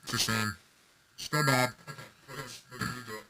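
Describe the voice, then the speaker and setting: A man's voice: mid-range voice, steady tone, fast, very noisy. A man co-hosting a casual beer podcast, joking and running himself down. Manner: jokey, self-deprecating banter. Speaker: podcast co-host.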